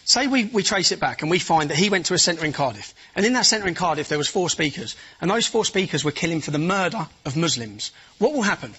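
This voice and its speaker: A man from England argues in a televised studio debate, rapid and relentless, pressing again and again to be heard. His voice sits high and sounds bright with a husky edge. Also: big pitch swings. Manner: insistent, keeps interrupting to finish his point. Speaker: studio guest. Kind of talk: heated TV debate.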